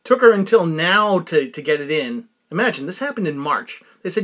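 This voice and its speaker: A man's voice: fairly high pitch, animated, normal speed, fairly bright tone. A man hosting a podcast in a rambling, casual comic monologue who laughs often at his own stories. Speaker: podcast host.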